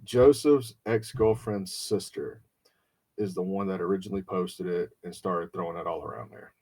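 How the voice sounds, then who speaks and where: A man on a podcast tells a long story in casual, profane chat. His voice sits a little low, and he switches into his friends' voices when he quotes them. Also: moderate pace, a little mellow, slightly rough. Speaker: podcast host.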